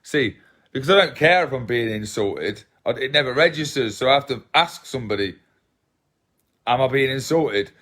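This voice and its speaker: A man's voice: mid-range voice, lively intonation, normal speed, a bit bright. A man, chatting casually on a livestream, rambling, swearing and reading viewer comments aloud. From England. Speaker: livestream host.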